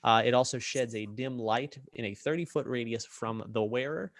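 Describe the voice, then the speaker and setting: A man's voice: mid-range voice, moderate pace, no echo, studio quality. A man running a tabletop role-playing game as game master, narrating scenes loosely with many fillers and restarts.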